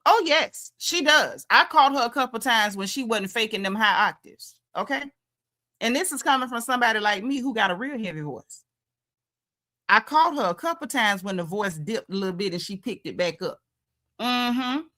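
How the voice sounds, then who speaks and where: Sassy Southern woman with a bright, forceful voice. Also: fairly high pitch, lively intonation, normal speed. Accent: Southern American. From Southern United States. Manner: sassy, emphatic, colloquial. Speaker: show recap host. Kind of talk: casual livestream commentary.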